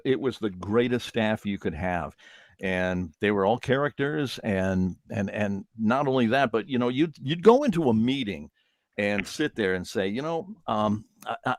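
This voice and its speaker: A man's voice: fairly low pitch, no echo, studio quality. Older man reminiscing about radio days. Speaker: former morning radio host, guest. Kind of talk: reminiscing interview.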